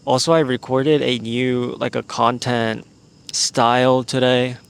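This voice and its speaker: A man's voice: mid-range voice, level tone, a little slow, vocal fry, clear, resonant tone. A young man hosting a casual solo podcast outdoors in the evening, rambling and unsure as he thinks aloud. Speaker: podcast host.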